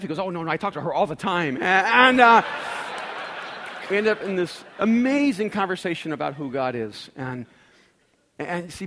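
A man telling stories in a sermon, acting out dialogue with lots of energy and repeating words as he starts sentences. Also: on the high side. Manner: animated storyteller, acts out dialogue. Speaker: speaker. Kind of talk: storytelling sermon.

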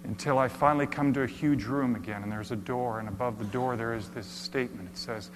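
A man preaching a dramatic sermon, telling a first-person story with slow emphatic phrasing and drops to near-whispers. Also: mid-range voice. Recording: hall reverb with faint hum.

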